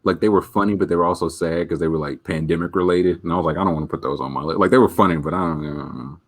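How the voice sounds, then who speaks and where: A podcast host with a low, gravelly voice talks at a racing clip, sounding animated. He keeps the chat casual, bantering and cracking laid-back jokes.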